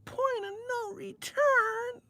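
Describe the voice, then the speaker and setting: A man putting on a squeaky, whiny, high-pitched voice to mock a mousy male pundit in a casual comic vlog. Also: steady tone, slow, vocal fry, bright, forceful tone, dry recording, exaggerated voice. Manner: mocking, exaggerated impression.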